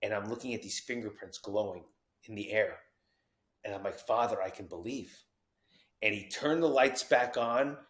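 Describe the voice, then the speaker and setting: A man from New Jersey, a podcast guest telling his story with animated energy and acted-out quotes. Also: lowish voice, normal speed. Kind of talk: storytelling interview.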